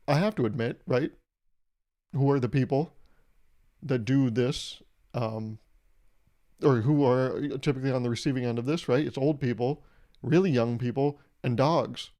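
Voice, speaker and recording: A man's voice: medium pitch, dark tone. A young man hosting a podcast, rambling through a wry comedic monologue and swearing casually. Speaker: podcast host.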